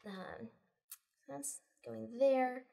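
A woman's voice: fairly high pitch, very slow, creaky, dark tone. A woman running a tabletop role-playing game as game master, casual and a little hesitant, laughing often.

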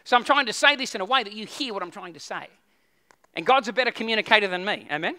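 A man's voice: high voice, animated, quick pace, bright, forceful tone. A man preaching a sermon as pastor, talking conversationally with frequent restarts and questions to the congregation.

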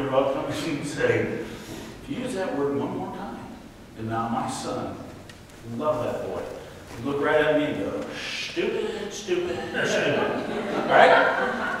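Recorded from a distance in an echoey hall with slight background noise, a man with a fairly high voice gives a faith-based parenting talk. He tells animated stories, acting out the quotes.

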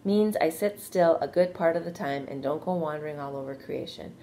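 A woman voicing a wise, steady female spider in a read-aloud storybook, gentle but firm. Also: low-pitched, fairly quick, slight background noise. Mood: calm. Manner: gentle, firm, matter-of-fact.

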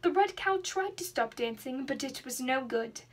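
A woman's voice: sits high, normal speed. Young woman reading a storybook aloud. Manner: expressive, dramatic read-aloud. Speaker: student reader.

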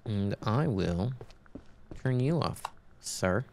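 Creaky-voiced man commenting on a game. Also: fairly low pitch, animated, slow, darkish tone, a little hiss or hum. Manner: rambling, reads game text aloud, swears when startled. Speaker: gamer playing a horror game. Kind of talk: casual let's-play commentary.

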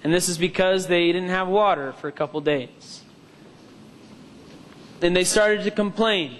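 A man's voice: high voice, unhurried, fairly bright tone, slight background noise. A man preaching a sermon in a church hall, mixing personal testimony with scripture and calling for amens from the congregation. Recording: long hall reverb.

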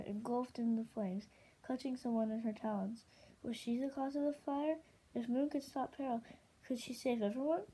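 A woman reads a novel aloud in a steady, expressive voice. Her tone is mellow and on the higher side, with a faint hiss underneath. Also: low-quality recording. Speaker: audiobook reader.

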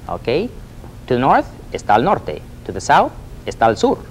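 A man teaching a lively Spanish lesson, repeating phrases for students to echo and coaxing them with a questioning "Hmm?". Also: mid-range voice, fairly quick, slightly rough. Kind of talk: lively spoken language lesson.

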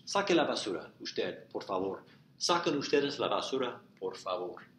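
A man with a lowish voice lectures at a moderate pace in an empty classroom, going through examples step by step and repeating each one. The room is echoey with steady background noise.

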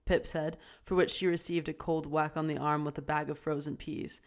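Casting note: woman narrator, low voice, steady amateur audiobook reading. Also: a little fast, vocal fry, few pauses. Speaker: audiobook reader.

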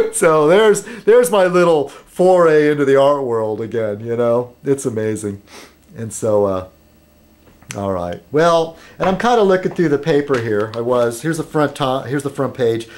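A man video blogging at home in a rambling casual monologue, halting with fillers and restarts, getting animated when he mimics other people. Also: mid-range voice.

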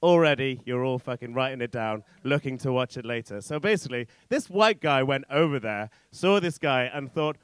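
A young English man with a posh-sounding voice doing a stand-up set in a comedy club, telling rambling, self-mocking stories full of swearing and loud punchlines. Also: medium pitch, lively intonation, brisk, few pauses, dry recording. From England. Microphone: handheld stage mic.

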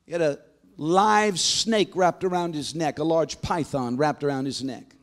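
A man pastor preaching a sermon, telling stories in a dramatic storytelling manner and building to forceful proclamations. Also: a little high, measured pace.

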